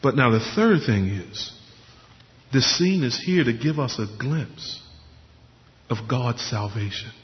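A pastor preaching a sermon, explaining scripture earnestly and posing questions to the congregation. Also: male voice, medium pitch, lively intonation, slow, long pauses. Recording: muffled sound with long hall reverb.

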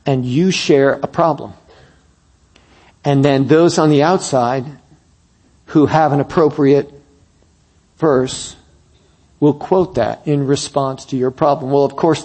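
A man preaching a sermon, telling a story that builds to emphatic peaks and drops to soft, quiet moments. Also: mid-range voice, fairly even intonation, takes it slowly, pauses often.

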